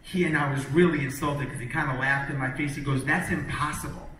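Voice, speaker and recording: A middle-aged man telling an energetic, punchy story to a live audience as a motivational speaker, acting out the quotes. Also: medium pitch, fast. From New York, Long Island. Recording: echoey hall, distant mic.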